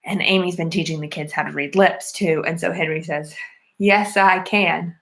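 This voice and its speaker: A woman's voice: low voice, fairly even intonation, fairly quick, creaky. Chatty woman retelling a movie plot. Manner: chatty, lots of "like" and "um" fillers; earnest and enthusiastic about the film. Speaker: movie reviewer.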